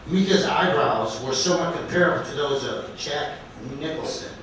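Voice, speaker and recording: A man at an open mic night in a comedy club, telling a story in a halting, deliberate way and correcting himself as he goes. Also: on the high side, a bit bright, slight background noise. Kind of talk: storytelling stand-up set. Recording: echoey club recorded from far off.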